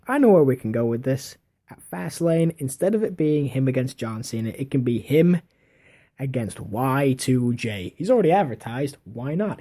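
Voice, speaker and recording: A wrestling fan with a dark, mid-range voice leisurely narrates a fictional match play by play. His account is offhand and full of small corrections to himself.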